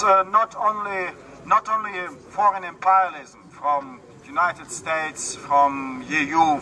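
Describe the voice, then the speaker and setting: A man with a Ukrainian accent speaking at an outdoor street rally, halting and searching for words with many fillers. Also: sits high, pushed and bright. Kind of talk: public speech at a street rally. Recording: far from the mic, street noise.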